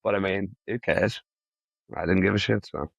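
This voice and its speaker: With a low-pitched voice, vocal fry, and a moderate pace, this comedian guest spins a profane, rambling anecdote full of animation during a laid-back interview. The audio has no echo.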